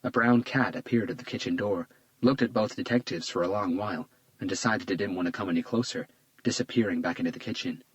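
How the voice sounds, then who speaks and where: Male narrator for a crime audiobook, steady storytelling, dry booth. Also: fairly low pitch, fast talker, no echo, lo-fi sound. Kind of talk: scripted narration.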